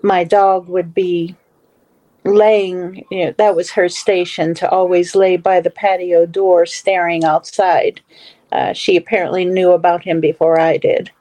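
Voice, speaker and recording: A woman's voice: on the low side, flat delivery, a little slow, warm tone, low-quality recording. A middle-aged woman telling a personal story as a guest in a casual talk, with many fillers and restarts. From Western Pennsylvania / Ohio area.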